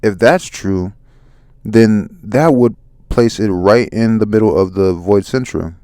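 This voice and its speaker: A man reading out a calm scholarly woman's comic lines in his own halting voice. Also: lowish voice, dry recording, studio quality. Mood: explaining. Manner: plain read-aloud voice, halting. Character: calm scholarly woman explaining ancient history.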